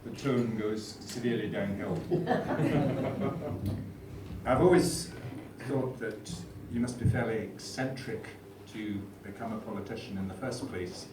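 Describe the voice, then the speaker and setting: A man's voice: lowish voice, slow pace. A man giving a dry, self-deprecating comic speech at a dinner. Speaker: after-dinner speaker. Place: dinner hall. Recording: roomy hall, far mic, noisy.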